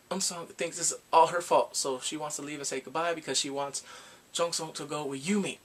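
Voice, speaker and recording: Animated young man recapping with gusto. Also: on the high side. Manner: animated, dramatic storytelling with exclamations. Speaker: drama reviewer. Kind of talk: casual recap vlog.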